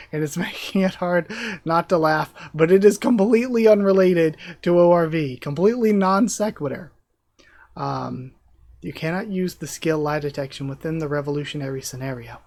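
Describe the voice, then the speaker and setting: A live reaction streamer reads a web novel aloud and breaks off into giggly, self-deprecating asides with casual swearing. The voice sits at an ordinary middle pitch. The sound is dry and close, with almost no room around it. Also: a little mellow, dry recording.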